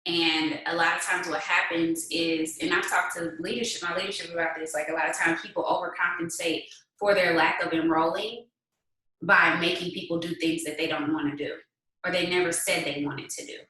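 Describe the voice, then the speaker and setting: A woman leading her sales team in a motivational talk, firing off rhetorical questions in a lively, conversational way. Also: on the low side, normal speed. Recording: very echoey room, distant mic.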